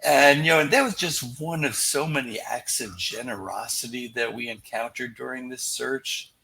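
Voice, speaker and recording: A man's voice: medium pitch, normal speed, creaky, pushed and bright. An older man, a podcast guest, earnestly recounting his story and quoting what others said along the way. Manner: earnest, retelling events with quoted dialogue. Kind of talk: storytelling in an interview.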